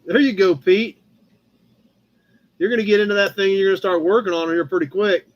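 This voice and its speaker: A man's voice: high voice, fairly even intonation, fairly quick, dull audio. A man with a Midwestern American accent hosting a live car-hobby chat show, casually rambling through viewer posts with plenty of fillers and calling people by name. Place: home room with a cat nearby.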